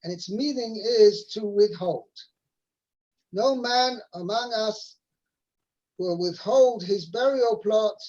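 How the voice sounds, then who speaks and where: A man teaching a weekly Torah portion over a video call, halting with fillers and restarts as he quotes Hebrew verses. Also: high-pitched, a little mellow. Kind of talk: explaining a weekly Torah text. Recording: muffled video call audio.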